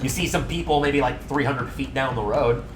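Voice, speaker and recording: A man's voice: mid-range voice, moderate pace, roomy sound, noisy background. A young man narrating as dungeon master in a casual, swearing, laughing way. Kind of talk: narrating a tabletop game.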